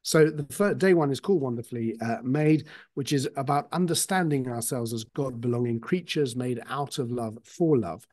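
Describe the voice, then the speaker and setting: A man's voice: mid-range voice, normal speed, hardly any pauses, a little mellow. A man speaking as an author guest in an interview, explaining ideas thoughtfully with frequent hesitations and restarts. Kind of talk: reflective explanation. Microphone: video call.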